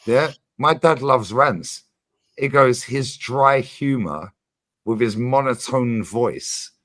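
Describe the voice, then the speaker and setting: Brief: male streamer, mid-pitched, lively and insistent, hammers his points home with swearing. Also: takes it slowly. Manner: animated, emphatic, swears freely, repeats his points. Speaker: streamer host. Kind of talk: casual livestream chat.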